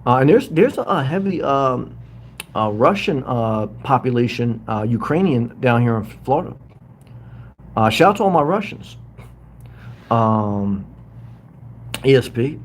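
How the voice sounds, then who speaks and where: A middle-aged man talks loosely and warmly off the cuff, drifting between topics and calling out his viewers by name. His pitch sits in an ordinary middle range. A faint hiss of room noise sits under his voice. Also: lively intonation, measured pace, pauses often. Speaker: livestream host living in a hotel. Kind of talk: casual livestream chat reading comments. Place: hotel room.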